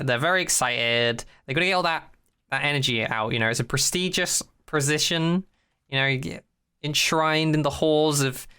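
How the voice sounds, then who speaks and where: A podcast co-host in a casual chat, retelling a TV episode in an animated, rambling way, acting out the scenes. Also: medium pitch, clear, resonant tone.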